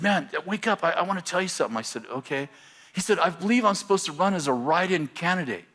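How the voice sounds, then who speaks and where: A middle-aged male pastor telling a story from the pulpit, lively and laughing at himself. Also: high voice. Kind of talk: storytelling sermon.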